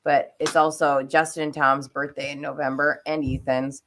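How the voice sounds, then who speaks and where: A woman's voice: deep voice, flat delivery, normal speed, a bit bright, slight background noise. A woman co-hosting a radio show, chatty and blunt with an exasperated edge. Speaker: radio co-host. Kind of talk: casual radio banter.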